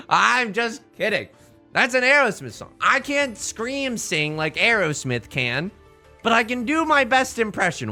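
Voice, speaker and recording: A man's voice: fairly high pitch, lively intonation, normal speed, sharp tone, soft background music. A man hosting a gaming video, chatting casually with joking, rambling asides, his voice a bit strained. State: voice strained from singing. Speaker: let's play host.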